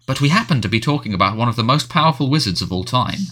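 A man voicing a harried middle-aged male wizard minister who sounds defensive and fretful, talking quickly and pleadingly. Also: mid-range voice, animated, fairly bright tone.

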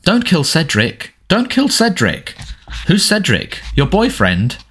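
A man's voice: a little high, huge pitch swings, slow, fairly bright tone, breathy edge, pitched above the performer's own voice, full character voice. A man voicing a big, surly teenage boy bully who snarls and taunts, raised above his own voice. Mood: mocking whine.

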